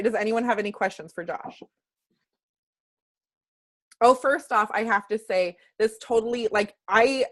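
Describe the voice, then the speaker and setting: A woman hosting a casual team call, chatty and emotional, often laughing. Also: medium pitch.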